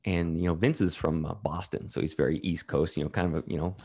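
A man with a very low, mellow voice tells his story in a loose, candid way. He drops swear words freely and slips into other people's voices when quoting them. He sounds relaxed and unhurried. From Canada. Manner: candid, profane, retells quotes in others' voices. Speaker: podcast guest. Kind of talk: casual storytelling.

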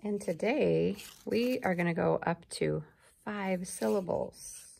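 A woman teacher giving a gentle, encouraging lesson to young children, clapping out syllables. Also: mid-range voice, slow, vocal fry, slightly rough.

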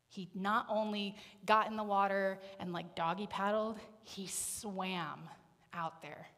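Playful woman preaching in a reverberant church. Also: medium pitch. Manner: playful, animated storytelling with acted voices. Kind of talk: sermon. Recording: long reverb of a church hall.

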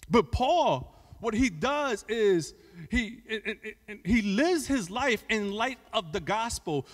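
A man preaching as a pastor, candid and emotional, moving between hushed storytelling and emphatic preaching, with conversational restarts. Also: high voice, expressive, slow, long pauses. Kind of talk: sermon. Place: church sanctuary. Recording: church hall with long reverb.

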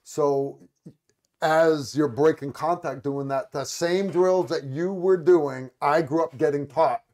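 Animated storytelling American man host. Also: a little high, slow pace. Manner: animated storytelling, frequent restarts. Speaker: podcast host. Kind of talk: casual chat.

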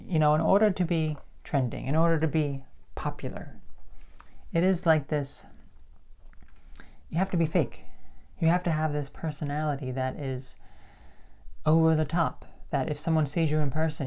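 A young woman talking calmly and reflectively to camera in a casual vlog. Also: low-pitched. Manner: calm, even-toned and reflective. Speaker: YouTuber.

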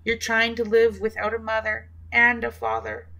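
Woman voicing a worried imprisoned dad, soft, earnest, bright clear tone, storybook reading. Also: a little high, monotone, normal speed, rough recording. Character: worried middle-aged imprisoned father.

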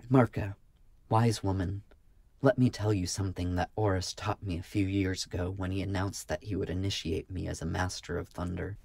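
A man voicing a young male healer and warrior monk in an audiobook, speaking in a solemn, measured way. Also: sits low, gravelly, a little mellow, no room sound.

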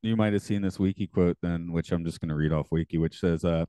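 Deep-voiced man in casual chat. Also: dark tone, smooth, dry recording. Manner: conversational, halting with frequent restarts. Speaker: podcast co-host.

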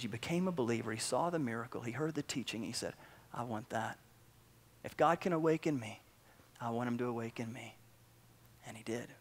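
A man pastor preaching a sermon, telling a story in a casual, animated way with everyday slang. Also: medium pitch.

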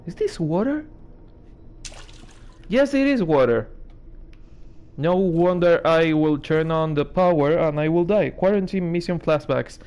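A gaming streamer does let's-play commentary on a horror game, sarcastic and nervous, swearing and laughing whenever he gets scared. His voice is fairly high, expressive and smooth, with a darkish tone and a slightly slow pace.

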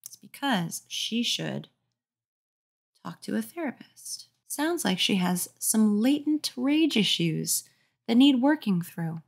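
A tipsy young woman reading a children's horror book aloud for laughs. She stumbles over phrases and breaks off into wry, sarcastic commentary, her pitch moving around a lot. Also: big pitch swings, slow, gravelly, breathy edge. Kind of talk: comedic drunk read-aloud.

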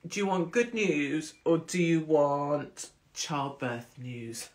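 A woman's voice: deep voice, expressive, takes it slowly, darkish tone. A woman hosting a casual livestream, chatty and rambling, swearing freely. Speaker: host.

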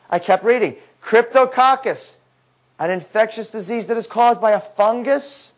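A man giving a lecture, telling a story in an animated way and acting out his own past words, often dropping to a low, intense tone. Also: moderate pace. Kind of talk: lecture talk. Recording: dull lo-fi recording.

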